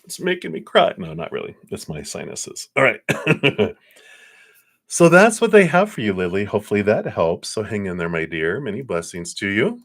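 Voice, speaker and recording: A man giving a live tarot reading in a gentle, reassuring, meandering way, with many fillers. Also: on the low side, sing-song, moderate pace. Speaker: psychic tarot reader.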